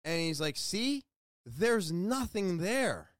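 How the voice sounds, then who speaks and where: Talkative man, high voice, dry close sound, rambling excitable vlog storytelling, swears a bit. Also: slow pace, no room sound. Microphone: headphones with mic.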